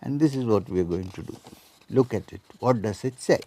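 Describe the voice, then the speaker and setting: A man's voice: fairly low pitch, animated, fairly quick, warm tone, slight background noise. A man in his seventies giving a spiritual lecture, quoting scripture and Sanskrit and asking his listeners questions. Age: 70s. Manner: quotes scripture and Sanskrit, asks the audience questions.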